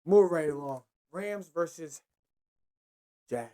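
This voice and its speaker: A man's voice: a little high, animated, slow, dark tone. A young man hosting a casual sports show, ranting in a slangy, profane and repetitive way. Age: young adult. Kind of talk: casual sports commentary rant.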